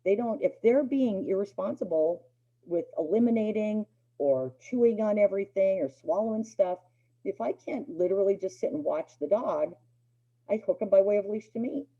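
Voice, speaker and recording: A woman's voice: medium pitch, lively intonation, moderate pace, mellow. A middle-aged woman teaching a dog obedience class in a chatty lecture, acting out the dogs' thoughts in playful voices. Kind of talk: casual spoken lecture to a class. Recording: dull lo-fi recording.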